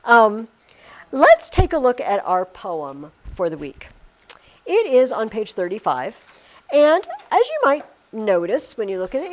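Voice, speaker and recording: Woman teacher, lively pitch, classroom lesson, quizzes students. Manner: animated, questioning students.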